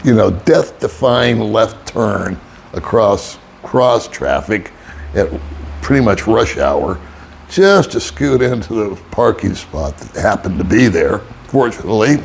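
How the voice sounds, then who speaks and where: A man's voice: fairly low pitch, expressive, slow pace, gravelly, a little hiss or hum. An older man, an expat vlogger, telling a rambling, wry story in casual monologue and chuckling often. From United States.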